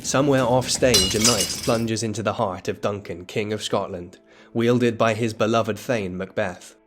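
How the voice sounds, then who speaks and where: A man giving scripted educational narration that explains a play, in a measured, dramatic storytelling tone. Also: fairly low pitch, steady tone, music in the background. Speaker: literature explainer.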